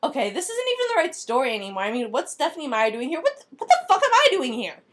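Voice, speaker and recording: A woman voicing an old male wizard headmaster who rambles and breaks into loud cries. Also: high-pitched, huge pitch swings, fast. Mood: bewildered.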